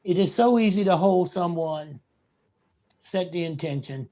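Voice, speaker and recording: A man giving a slow, earnest and blunt spiritual talk. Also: high-pitched, mellow. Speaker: guest speaker.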